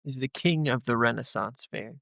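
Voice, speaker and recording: A man's voice: mid-range voice, moderate pace, gravelly, a bit bright, no echo. A man joining a story podcast as a guest, making dry remarks and asking questions while the group plans a plot. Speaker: guest player. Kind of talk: casual story-planning chat.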